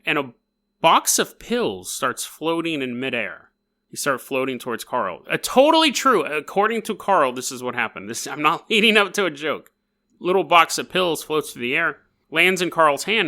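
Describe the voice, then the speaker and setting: Speaking at a moderate pace in a voice on the high side, a man hosting a podcast tells a strange story as comedy. He keeps it animated and full of jokes, performing the quoted lines himself.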